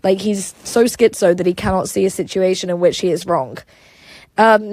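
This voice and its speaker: A woman's voice: mid-range voice, normal speed, darkish tone, no room sound. A woman hosting a casual livestream, reading chat aloud and rambling with lots of "like" and "um" fillers.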